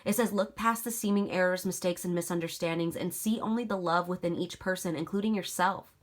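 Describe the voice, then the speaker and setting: A woman's voice: fairly low pitch, fairly quick. A young woman giving a casual, emotional tarot reading to camera, chatty and giggly, with many fillers. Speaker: tarot reader.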